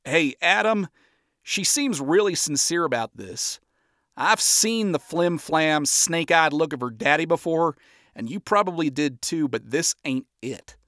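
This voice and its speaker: Narrator playing a easygoing folksy bass player, polite drawl, dry mic. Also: lively intonation, unhurried, fairly bright tone, no room sound. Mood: reassuring. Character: friendly folksy male bassist. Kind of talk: amateur audiobook reading.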